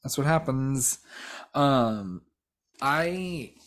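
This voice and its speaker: A man's voice: mid-range voice, expressive, extremely slow, fairly bright tone. A man co-hosting a podcast, chatting casually about a horror film, rambling with many fillers, restarts and swear words. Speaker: podcast co-host. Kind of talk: casual movie discussion.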